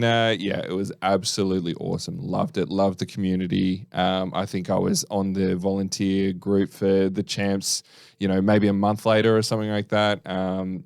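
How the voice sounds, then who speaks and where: A man's voice: on the low side, gravelly, clear, resonant tone, no echo, studio quality. An Australian man co-hosting a podcast, chatty and joking as he tells stories and answers listener questions. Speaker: podcast co-host. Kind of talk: casual podcast chat.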